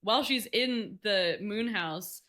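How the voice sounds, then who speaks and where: A woman co-hosting a book club podcast, chatting casually and adding quick wry quips. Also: medium pitch, sharp tone. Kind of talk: casual chat.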